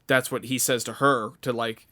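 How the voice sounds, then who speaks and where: A man's voice: mid-range voice, flat delivery, normal speed, bright, forceful tone. A young man co-hosting a podcast, talking in a loose, rambling way, full of fillers and restarts. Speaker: podcast co-host. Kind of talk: casual chat.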